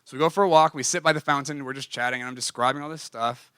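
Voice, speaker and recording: A young adult man preaching, telling a personal story in an animated, confessional way and acting out dialogue. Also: mid-range voice, quick pace, clean tone, no room sound, clean studio sound. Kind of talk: storytelling sermon.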